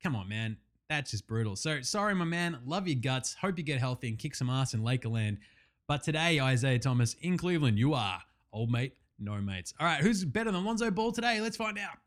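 A man with an Australian accent hosting a sports talk podcast, animated, slangy and sweary. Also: mid-range voice, fairly quick. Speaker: podcast host. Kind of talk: sports talk show monologue.

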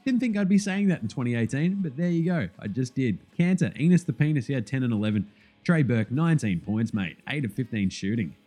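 A man's voice: mid-range voice, fairly quick, faint music behind. A man hosting a casual basketball recap, sweary and jokey as he rattles off scores. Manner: sweary, animated, jokey banter. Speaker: basketball podcast host.

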